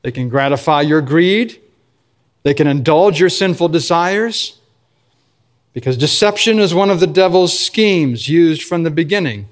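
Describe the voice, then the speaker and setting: A male pastor delivering a sermon, earnest, with slow emphatic phrases. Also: fairly high pitch, expressive.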